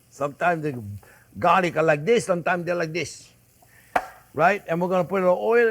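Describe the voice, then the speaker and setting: A man's voice: high voice, slight background noise. An older man with a French accent hosting a casual cooking demonstration, chatty and joking with viewers he calls friends. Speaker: cooking show host. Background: sizzling pan in a kitchen.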